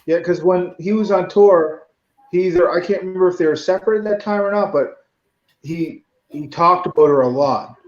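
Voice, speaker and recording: A man joining a casual chat, asking quick casual questions. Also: sits high. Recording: roomy, dull remote audio.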